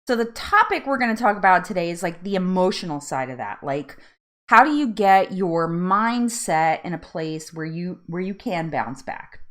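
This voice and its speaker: A woman's voice: fairly low pitch, big pitch swings, moderate pace, fairly bright tone. A woman from New Jersey hosting a casual live chat from home, chatty, laughing often and drifting off on tangents. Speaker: live stream host.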